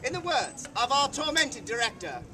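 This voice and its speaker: An actor playing a vain, smug Italian troupe actor at an outdoor fair show. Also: male voice, extremely high pitch, sing-song, normal speed, noisy background. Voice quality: smug, theatrical. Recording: distant mic, outdoor crowd. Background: crowd.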